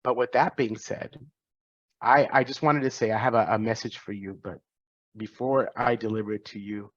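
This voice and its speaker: A man's voice: fairly low pitch, fairly even intonation, moderate pace, no room sound, lo-fi sound. Earnest man telling his story. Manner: earnest, reflective, with many restarts. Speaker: physician and guest speaker. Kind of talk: personal talk to students.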